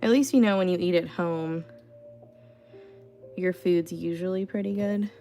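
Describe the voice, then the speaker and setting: A woman's voice: lowish voice, fairly even intonation, unhurried, mellow, soft background music. A woman hosting an art livestream from home, chatting casually with lots of "like" and "you know".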